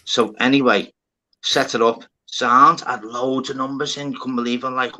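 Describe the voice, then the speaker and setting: Bright-voiced man telling stories. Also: medium pitch, moderate pace. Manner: swearing, animated, acts out both sides of conversations. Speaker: livestream host. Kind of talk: casual storytelling chat. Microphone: phone on a live stream panel.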